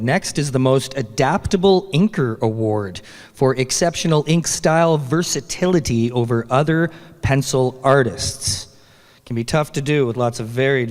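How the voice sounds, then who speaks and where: A man with a Canadian accent emceeing a live awards ceremony on a convention stage, upbeat and joking as he reads out nominees. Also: mid-range voice. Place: large convention hall stage. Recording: long hall reverb.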